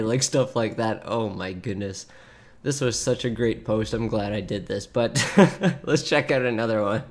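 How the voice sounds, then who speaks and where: A man in his thirties, mid-pitched, talking through posts in a loose, chatty streamer way. He laughs often and breaks into quick asides while reading aloud. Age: 30s. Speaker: streamer reacting to online posts. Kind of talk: casual reaction commentary.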